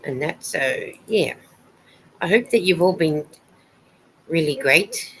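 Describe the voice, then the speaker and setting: Woman with a deep-set voice for a casual live stream; chatty, rambling, greets viewers by name while she knits. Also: lively intonation, takes it slowly, fairly bright tone, a little hiss or hum, rough recording. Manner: chatty and rambling, greeting viewers and reading their comments aloud. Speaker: knitting vlogger hosting a live stream.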